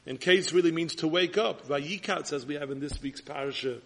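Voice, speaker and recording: A man preaching a sermon with Ashkenazi Hebrew pronunciation, his voice fairly high and husky. He speaks earnestly, building toward urgent appeals. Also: normal speed.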